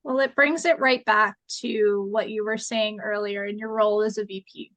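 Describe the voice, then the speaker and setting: A woman's voice: mid-range voice, steady tone, moderate pace, a bit bright, dry recording, rough recording. A woman co-hosting a podcast, speaking earnestly and repeating phrases for emphasis. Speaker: podcast co-host. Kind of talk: casual conversation.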